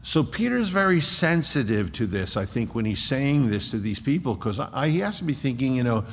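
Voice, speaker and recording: A man preaching a sermon in an emphatic way, often restarting with quick repeated words. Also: mid-range voice, sing-song, a little hiss or hum. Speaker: pastor. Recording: echoey hall, dull lo-fi sound.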